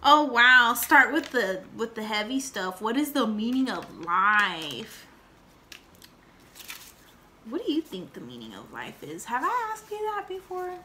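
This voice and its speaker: A woman's voice: medium pitch, big pitch swings, takes it slowly, bright, forceful tone, a little hiss or hum. A young woman telling a rambling story and chatting in a casual home vlog, with lots of fillers and acted-out quotes. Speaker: vlogger.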